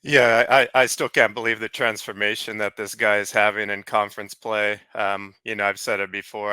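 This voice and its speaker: A man co-hosting a sports podcast, giving steady, analytical game breakdowns. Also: on the low side, clean tone, dry recording. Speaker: podcast co-host.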